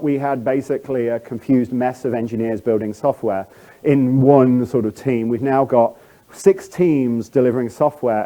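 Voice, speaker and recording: A man's voice: mid-range voice, mellow. A middle-aged man with a standard British English accent giving a chatty, self-deprecating conference talk, full of fillers and restarts. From England. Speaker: conference speaker.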